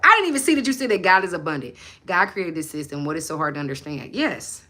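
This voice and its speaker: A woman hosting a motivational chat, answering viewers bluntly and profanely, swinging between loud emphasis and low asides. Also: very animated, fast talker. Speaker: manifestation coach and channel host.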